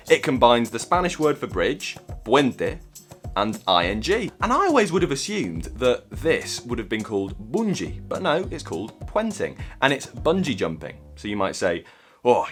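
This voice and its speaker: A man's voice: on the low side, fairly bright tone. A young Englishman hosting a language video, chatty and jokey with playful asides. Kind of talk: casual explainer vlog.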